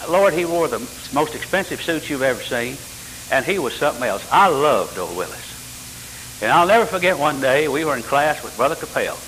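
An older pastor delivers a sermon, rising into high, lively bursts and firing rhetorical questions. His voice is bright and fairly high for a man. The church hall rings with long reverb over a faint hiss. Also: moderate pace. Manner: animated preaching with sudden pitch jumps and rhetorical questions. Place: church sanctuary.

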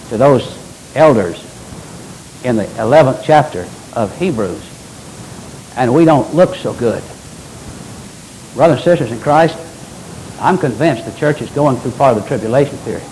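An older man preaching a sermon as pastor, with animated delivery and folksy asides. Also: medium pitch, normal speed, pauses often, slight background noise, rough recording.

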